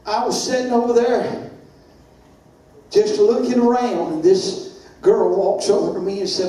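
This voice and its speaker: An older man, a pastor preaching a sermon with impassioned, sing-song delivery that rises into shouts. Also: high-pitched, steady tone, a little slow. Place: church sanctuary. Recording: very echoey church, far from mic, faint hiss.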